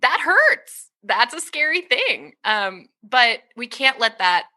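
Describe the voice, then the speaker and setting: A woman in her thirties, a guest author talking in an interview, energetic and expressive and laughing often. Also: a little high, takes it slowly. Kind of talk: conversational interview talk.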